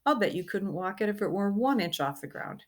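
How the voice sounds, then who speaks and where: A woman's voice: mid-range voice, lively intonation, brisk, lightly acted. A woman voicing a cheeky, teasing young boy in a storybook reading. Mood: scoffing.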